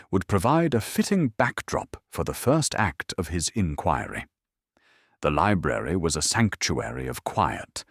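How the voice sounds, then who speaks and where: Deep male narrator, expressive, dry close read of a detective story. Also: no echo. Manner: steady, descriptive storytelling. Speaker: audiobook narrator. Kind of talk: scripted narration.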